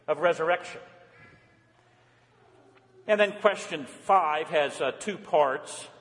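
High-voiced preaching man in a reverberant church. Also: a bit bright. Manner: emphatic preaching, asks and answers his own questions. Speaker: pastor. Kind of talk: sermon.

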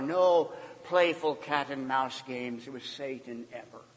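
Male pastor, measured, deliberate sermon delivery with emphatic loud-to-hushed swings, long hall reverb. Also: medium pitch.

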